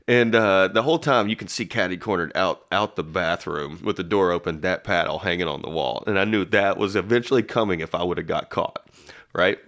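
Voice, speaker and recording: A man co-hosting a podcast, telling a childhood story in a relaxed, chatty way and laughing as he talks. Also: deep voice, brisk. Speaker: podcast co-host. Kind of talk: casual storytelling chat.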